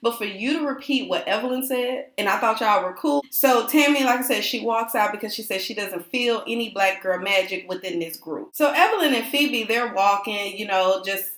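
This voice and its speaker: A woman's voice: medium pitch, moderate pace, hardly any pauses, fairly bright tone. Chatty woman reviewing reality TV, roomy sound. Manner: chatty, opinionated, jumps into quoted voices. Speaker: reality TV recap host. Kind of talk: casual recap vlog. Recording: roomy echo.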